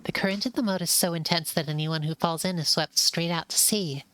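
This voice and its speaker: A woman's voice: lowish voice, a little fast, fairly bright tone, pitched above the performer's own voice, natural voice. A woman voicing a polite, well-read young mouse adventurer, reading game dialogue aloud in an earnest, informative way.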